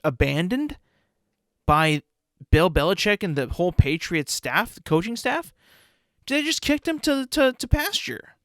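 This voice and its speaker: A man's voice: high-pitched, a bit bright, dry recording, studio quality. A young man hosting a solo podcast, ranting in exasperation with plenty of swearing. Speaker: podcast host.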